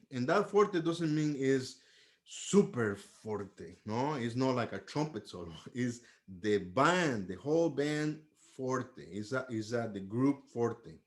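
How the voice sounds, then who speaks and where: Man patiently teaching trumpet articulation. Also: mid-range voice. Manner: patient, explains step by step, sings syllables to demonstrate. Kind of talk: music lesson.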